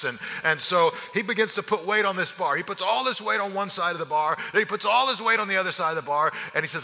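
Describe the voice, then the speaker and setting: A middle-aged man preaching a sermon, an animated storyteller who acts out his own lines. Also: high-pitched. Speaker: pastor. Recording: long hall reverb.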